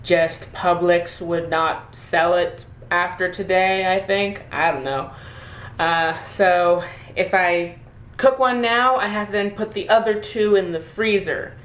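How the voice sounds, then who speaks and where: A woman's voice: lowish voice, takes it slowly. A woman vlogging casually from her home kitchen, rambling and self-deprecating with plenty of fillers. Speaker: daily vlogger. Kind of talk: casual vlog chat. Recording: echoey room with faint noise.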